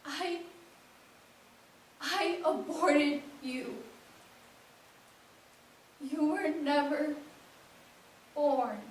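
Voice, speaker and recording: A woman voicing a regretful middle-aged mother who confesses haltingly, heard in an echoey room from far off. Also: high-pitched, a little hiss or hum. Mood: remorseful.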